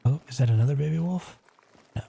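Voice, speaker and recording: A man's voice: a little high, fast, vocal fry, background noise. A man streaming a survival game live, chatting casually, reacting aloud and answering his viewers. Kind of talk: casual live gameplay commentary.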